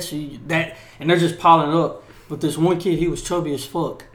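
A young man tells stories in loose, profane podcast chat, with a slightly raised pitch. He gets animated and acts out the yelling of drill instructors. His voice rings in a roomy, echoing space. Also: quick pace. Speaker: podcast co-host. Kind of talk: casual storytelling chat.

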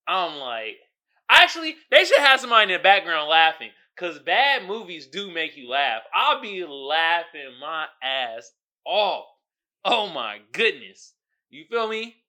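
A man hosting a casual solo podcast, riffing in an animated, exasperated way with lots of slang and laughter. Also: on the high side, a little slow. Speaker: podcast host.

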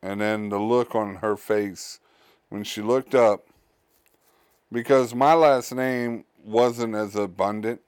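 A man hosts a solo podcast at an unhurried, deliberate pace. His voice is smooth and clear and sits a little low. The sound is dry and close, and he stumbles and restarts as he talks. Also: dry recording. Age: adult, a father. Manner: halting, many fillers and restarts. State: tired, yawning. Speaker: podcast host. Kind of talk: casual solo podcast monologue.

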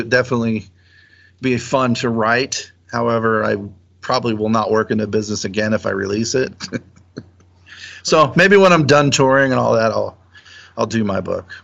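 A man's voice: mid-range voice, creaky, fairly bright tone, no room sound, lo-fi sound. A man, a touring musician, speaking as a guest in a casual conversation, easygoing and laughing often.

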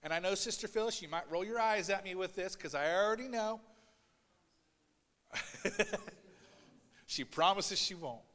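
A man preaching a sermon as pastor, swinging between loud, urgent passages and quiet asides, and voicing Bible figures in a raised voice. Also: high voice, measured pace, long pauses, big-room sound. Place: church sanctuary.

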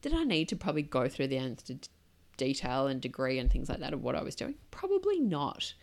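A woman's voice: rumbling low, wildly swooping pitch, a little fast, gravelly. A woman in her thirties hosting a solo podcast, talking candidly and reflectively in a loose, conversational way full of asides. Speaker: podcast host.

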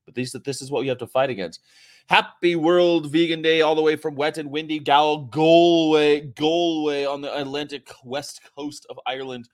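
Reading viewer comments on his casual hotel-room livestream, a vegan activist host comes across as sarcastic, jokey and rambling. His voice is a little high, with a steady tone and moderate pace.

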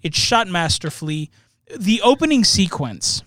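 A man's voice: high-pitched, very animated, unhurried, bright, forceful tone, dry recording, clean studio sound. A man co-hosting a casual movie review podcast, rambling and often tagging his points with "right?". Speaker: podcast co-host.

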